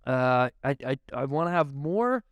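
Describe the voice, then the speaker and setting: A man from Canada telling stories as a guest in a podcast interview, animated and swearing often, with laughs. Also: mid-range voice, unhurried, no echo, lo-fi sound. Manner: animated, profane, laughing storyteller. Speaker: realtor guest. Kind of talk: casual podcast storytelling. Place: podcast studio.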